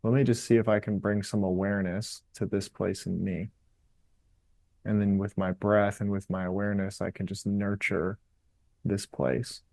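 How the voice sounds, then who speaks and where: A man as a podcast guest, calmly and reflectively explaining ideas in an interview. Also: fairly low pitch, creaky, no room sound. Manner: calm, explanatory, unhurried. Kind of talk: reflective interview talk on meditation.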